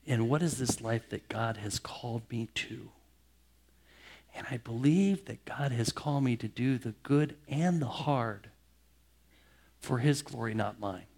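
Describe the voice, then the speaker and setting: A man's voice: mid-range voice, darkish tone. Middle-aged male pastor preaching personally. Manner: personal, heartfelt storytelling with pauses and restarts. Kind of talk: sermon.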